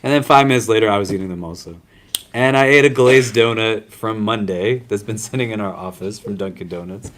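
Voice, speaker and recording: A man's voice: lowish voice, fairly quick. A man teaching a class on prayer in a casual, conversational way, often checking in with his students.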